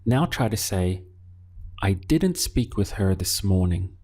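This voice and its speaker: Slow, low-voiced male Spanish teacher. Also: sing-song, a little mellow. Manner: slow, patient prompts leaving pauses to answer. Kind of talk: language lesson.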